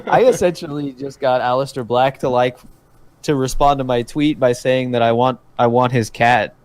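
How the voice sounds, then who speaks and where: A man's voice: medium pitch, steady tone, normal speed. A man co-hosting a casual podcast chat, teasing and ribbing the others. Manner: teasing, ribbing his co-hosts. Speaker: podcast co-host.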